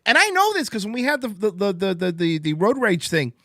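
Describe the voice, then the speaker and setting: A man's voice: sits high, a little fast, no echo. Guy hosting a livestream show, all over the place and swearing, wired on coffee, very dry sound. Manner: excitable, rambling and profane. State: amped up on coffee. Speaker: podcast host. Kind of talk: casual livestream talk show chat.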